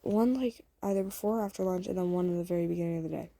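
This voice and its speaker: A woman who hosts a channel tells a second-person fan story casually, rambling, saying "like" a lot, and correcting herself. Her voice is lowish, creaky and warm, and she speaks very fast. There's no room sound.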